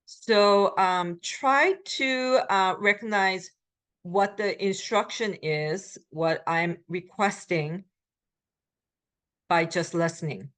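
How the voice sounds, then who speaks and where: A middle-aged woman giving a recorded language lecture as the instructor, explaining patiently with frequent ums and pauses. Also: medium pitch, fairly bright tone.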